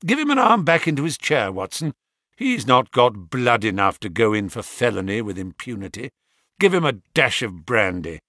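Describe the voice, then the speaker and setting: Stern, cool detective, read by a man: quiet authority, lively pitch; storybook reading, dry sound. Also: normal speed, no echo. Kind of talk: audiobook character reading.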